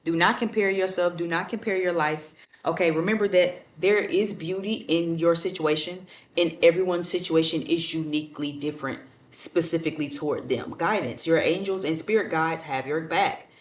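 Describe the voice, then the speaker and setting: Deep-voiced woman, tarot reader, blunt and cussing, roomy echo, mic far off. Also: moderate pace. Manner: blunt, profane, motivational. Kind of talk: casual tarot reading monologue.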